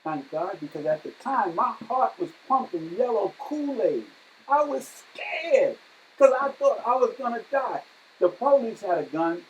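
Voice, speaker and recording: A man telling a personal story from his own life to an audience, unhurried and dramatic, often checking in with "okay?". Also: high-pitched, lively intonation, highs cut off, slight background noise. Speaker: storyteller and teacher.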